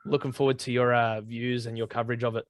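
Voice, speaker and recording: A man's voice: medium pitch, level tone, quick pace. A man hosting a casual podcast over a video call. He chats in a matey way and wraps up the episode with plugs for other shows. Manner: easygoing, matey, promo-style sign-offs. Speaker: podcast host.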